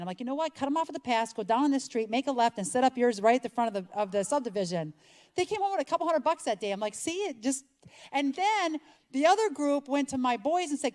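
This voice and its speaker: A middle-aged woman gives a talk to an audience in a lively, chatty way. She acts out little back-and-forth exchanges as she goes, and her voice sits a little high. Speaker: speaker. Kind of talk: conference talk.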